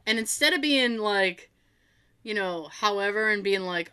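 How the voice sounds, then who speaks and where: A woman co-hosting a casual chat, telling family stories in an animated way, swearing freely and acting out what relatives said. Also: mid-range voice, a little slow, clear, resonant tone.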